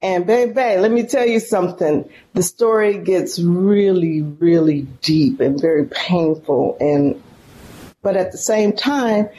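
A woman's voice: lowish voice, mellow, slight background noise. A middle-aged woman from San Francisco, a professor telling an emotional story as a guest in an interview. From San Francisco, California.

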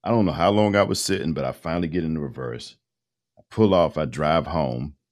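A middle-aged voice-over artist, appearing as a podcast guest, tells a long personal story in casual slang and acts out the dialogue. His voice is a rumbling low with a darkish tone, and he speaks briskly.

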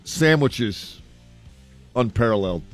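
A man from Philadelphia co-hosts a radio talk show in a mid-pitched voice. He makes dry, wry remarks in a relaxed manner. Faint guitar music plays behind him. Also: takes it slowly. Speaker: radio co-host.

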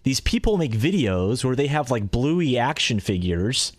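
Producer guy on radio chat, laid back, lively voice, dry close mic. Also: mid-range voice, unhurried, no echo.

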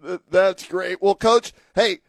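A man's voice: high voice, steady tone, slow, no room sound. A man hosting a radio sports show, chatting in a friendly, bantering way on a close studio mic.

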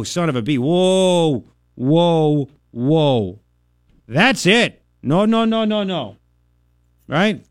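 A man in his thirties hosting a radio talk show, ranting in an animated, sarcastic way with mocking impressions. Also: fairly high pitch, dry recording, clean studio sound. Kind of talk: opinionated talk radio monologue.

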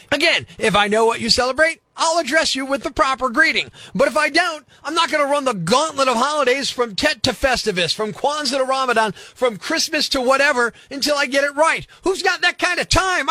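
A man's voice: very high voice, bright, forceful tone, dry recording. A man hosting a morning radio show, delivering a sarcastic, exasperated comedic rant.

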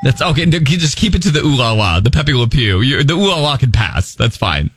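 A man hosting a radio morning show in casual banter, teasing and quick to laugh. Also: medium pitch, sing-song, a bit bright, breathy edge.

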